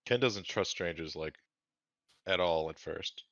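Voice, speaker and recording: A man's voice: deep voice, a little slow, fairly bright tone, no echo. A man playing a tabletop game, talking in a rambling, hesitant way. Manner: rambling, hesitant, laughing asides. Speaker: player. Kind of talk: casual tabletop play. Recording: dull lo-fi mic.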